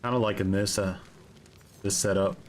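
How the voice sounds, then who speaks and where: A man's voice: fairly low pitch, steady tone, normal speed, slight background noise. Joking man streaming a game. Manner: joking, teasing, playful put-on phrases. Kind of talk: casual live gameplay chatter.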